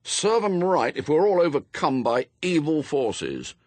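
A man's voice: mid-range voice, very animated, normal speed, breathy edge, no echo. A man reading aloud, voicing a sulky young boy who grumbles and mutters. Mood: grumbling.

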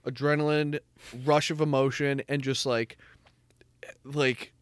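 Young male co-host, middle pitch, dry close sound, loose rambling delivery full of "like". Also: flat delivery, unhurried, smooth, no room sound. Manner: rambling, filler-heavy storytelling. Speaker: podcast co-host. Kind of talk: casual chat between brothers.

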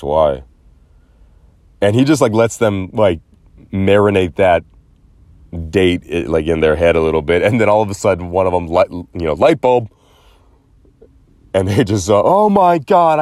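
Low-voiced sarcastic man ranting. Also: a little mellow, no echo. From Los Angeles area. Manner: sarcastic, rambling, mocking imitations. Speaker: podcast host. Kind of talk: casual solo commentary.

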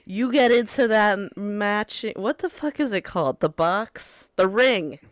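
A woman's voice: medium pitch, lively intonation, unhurried, no echo, clean studio sound. A woman co-hosting a podcast, chatting casually and improvising playfully while giggling and rambling. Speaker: podcast co-host. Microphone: close studio mic.

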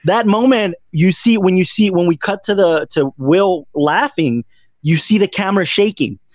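A man's voice: sits high, moderate pace, no echo. A man hosting a casual film podcast, eagerly retelling his favorite scenes. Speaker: podcast host. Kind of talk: casual film review chat.

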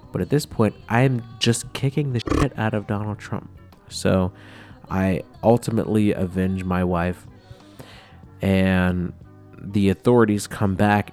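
Drunk man with a deep gravelly voice. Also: darkish tone. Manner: profane, rambling, self-mocking. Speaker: vlogger. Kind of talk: rambling comic storytelling.

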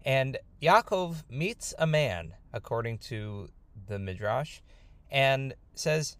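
A man's voice: medium pitch, slow pace, clean tone, no room sound. A man retelling a scripture story in a casual, conversational storytelling manner. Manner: conversational, informal, lively retelling. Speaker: Torah storyteller.

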